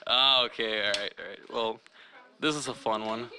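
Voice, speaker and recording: A young man telling a crude comic story in an unhurried, deadpan way with fillers. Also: mid-range voice, slight background noise. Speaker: cameraman guest.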